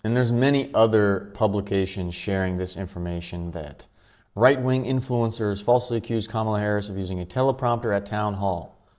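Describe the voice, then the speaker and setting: A man with a fairly low voice hosts his own commentary vlog. He talks quickly and offhandedly, dropping chuckling asides as he goes. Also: darkish tone. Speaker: channel host.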